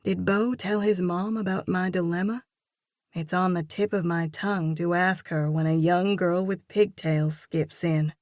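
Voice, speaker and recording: A woman reads an audiobook in a measured, reflective first-person voice, slow and unhurried with a slightly low pitch. The recording is dry and close, with no room echo. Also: steady tone, darkish tone. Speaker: audiobook narrator. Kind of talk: scripted audiobook narration.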